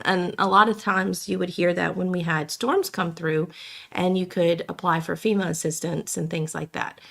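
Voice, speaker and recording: Woman co-host, low gravelly voice, hoarse and coughing, rambles. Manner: rambling, many fillers and restarts. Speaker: podcast co-host. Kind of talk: casual chat.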